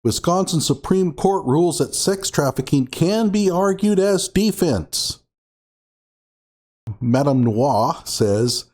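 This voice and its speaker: Man, show host, sarcastic commentary, lively up-and-down pitch, reads quotes with stress. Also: husky. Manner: sarcastic, reads documents aloud with emphasis. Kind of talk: commentary on a court ruling.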